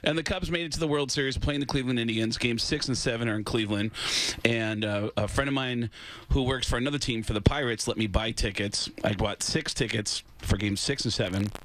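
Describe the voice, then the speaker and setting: A man's voice: medium pitch, brisk. A male comedian telling stories in casual radio studio chat, acting out the voices of people he quotes. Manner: animated storyteller, acts out quoted voices. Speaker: comedian guest.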